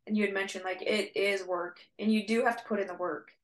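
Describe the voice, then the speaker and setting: A woman's voice: mid-range voice, fairly even intonation, fairly quick. A woman co-hosting a podcast in casual chat, thinking things through aloud in a reflective, agreeable way. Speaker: podcast co-host. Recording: echoey room.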